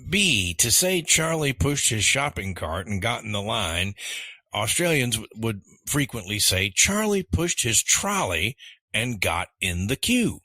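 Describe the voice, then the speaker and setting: A man co-hosting a language-lesson podcast, reading quiz questions in a measured, encouraging way. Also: on the low side, very animated, pushed and bright, no echo. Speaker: podcast co-host, quiz master.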